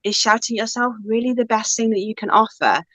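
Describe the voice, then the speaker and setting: A woman's voice: on the high side, a little fast, fairly bright tone, no echo. A woman speaking as a guest spiritual teacher in a casual conversation, reflective and rambling, with many fillers.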